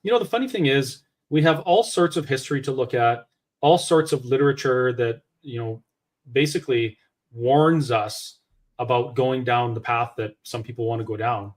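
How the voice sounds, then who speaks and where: A man's voice: medium pitch, normal speed. A Canadian man as a guest, speaking earnestly and with conviction, often restarting his sentences. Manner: earnest, opinionated, with hesitant restarts. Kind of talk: casual conversational commentary.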